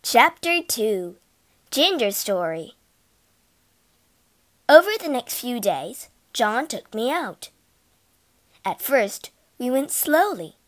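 A woman narrating a children's storybook in an animated, dramatic reading. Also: fairly high pitch, slow pace, long pauses.

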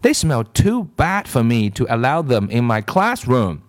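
A man's voice: mid-range voice, very animated, a little slow. A man voicing a prim, fussy female schoolteacher in a storybook reading, in a raised, sugary teacher tone.

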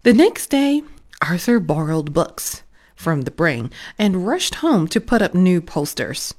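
A woman reads a children's storybook aloud at a slow, unhurried pace. Her narration is expressive, and her voice rises and falls widely to carry the story. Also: fairly low pitch. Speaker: storybook reader. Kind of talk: children's picture book read-aloud.

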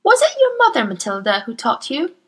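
A woman reading a storybook, voicing a kind young schoolteacher who speaks to her class in an encouraging, measured way. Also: sits high, wildly swooping pitch, fairly bright tone, pitched above the performer's own voice, exaggerated voice. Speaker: teacher.

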